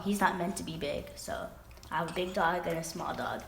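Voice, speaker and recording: A young woman chatting straight to camera in a loose storytime vlog, circling back and restarting her sentences. Her voice sits a little low for a woman. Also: normal speed, creaky, a little hiss or hum. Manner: rambling, with many fillers and restarts. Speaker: vlogger. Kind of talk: casual storytime chat.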